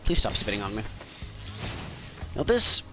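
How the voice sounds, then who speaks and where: A man's voice: fairly low pitch, very animated, measured pace, over music. A man from Maine giving playful, jokey commentary while playing a game, talking to the characters on screen. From Maine, USA. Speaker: gameplay commentator. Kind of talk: casual gameplay commentary.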